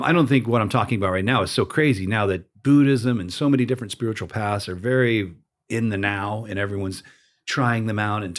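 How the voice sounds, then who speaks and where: A man hosting a casual interview podcast, telling his own story in a lively, animated way and acting out the voices of people he quotes. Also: on the low side. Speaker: podcast host.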